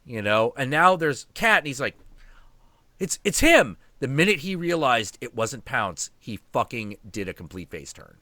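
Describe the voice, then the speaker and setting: A man hosting a stream, telling a story in a casual, animated, profane and rambling way. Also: mid-range voice, normal speed, hardly any pauses, dry recording.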